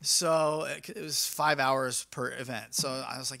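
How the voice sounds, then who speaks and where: A man's voice: mid-range voice, fairly even intonation, unhurried, gravelly, bright, forceful tone. A young man, a mobile DJ, talking casually and energetically in a vlog, acting out his talks with clients in a slangy, upbeat way. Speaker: mobile DJ and vlogger.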